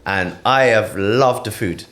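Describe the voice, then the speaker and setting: A man's voice: lowish voice, measured pace, a bit bright. A man co-hosting a podcast, chatting casually and often asking "do you get what I'm saying?". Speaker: podcast co-host. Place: podcast studio.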